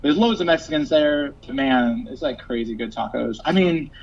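A man who is a musician, chatting casually as a guest and telling stories with lively quoted voices. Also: moderate pace, creaky. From Los Angeles. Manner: animated storyteller, acts out quotes in a high voice. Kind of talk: casual chat. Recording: slightly dull audio with faint noise.

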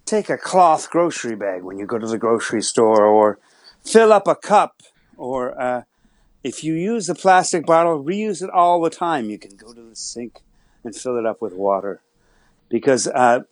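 A man's voice: medium pitch, expressive, normal speed, no echo, natural voice. A man playing a friendly pirate captain in a chat, speaking in his everyday voice, hesitant with many fillers. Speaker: pirate character guest.

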